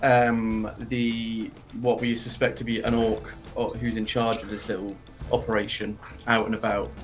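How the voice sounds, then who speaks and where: A man's voice: lowish voice, little pitch movement, moderate pace, soft background music, poor audio. A man at a tabletop game who explains his character's plan in a tentative way, thinking aloud as he goes. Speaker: player. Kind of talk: casual chat at a game table.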